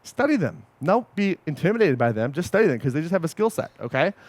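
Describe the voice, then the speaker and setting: A man coaching a group in a casual, animated way, swearing often and checking in with his listeners. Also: fairly high pitch, quick pace, no echo. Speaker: podcast host and coach.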